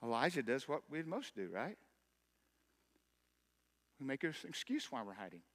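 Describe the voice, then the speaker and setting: A man's voice: mid-range voice, big pitch swings, moderate pace, a bit bright. A man, a pastor, giving an emphatic, impassioned sermon. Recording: long hall reverb.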